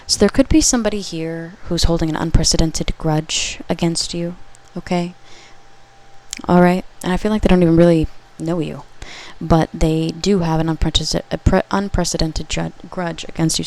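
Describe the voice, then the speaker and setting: A woman giving a pick-a-card tarot reading to her viewers. She talks conversationally, often checks in with a quick "okay?", and corrects herself as she goes. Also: on the low side, fairly even intonation, vocal fry, a little mellow. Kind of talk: pick-a-card collective reading, casual spoken.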